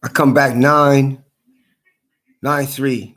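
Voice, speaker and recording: A man's voice: medium pitch, little pitch movement, drawn-out words, a bit bright. A man in an angry, heated rant to camera, swearing a lot and repeating himself. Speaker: vlogger.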